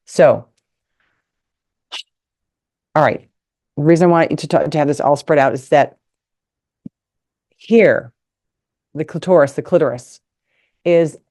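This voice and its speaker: A middle-aged woman with a low, mellow voice gives a live talk over a video call. She is frank and playful, joking her way through a lesson with props on the table. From United States. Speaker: retired nurse and sex ed teacher giving a talk. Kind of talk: live online presentation with props. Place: indoors at a table.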